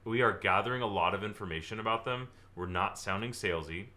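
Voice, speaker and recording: Lively young male sales trainer, bright tone, likes to exaggerate. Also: lowish voice, fast. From Southern California. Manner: energetic, acts out client dialogue, exaggerates for effect. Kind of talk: live online training presentation.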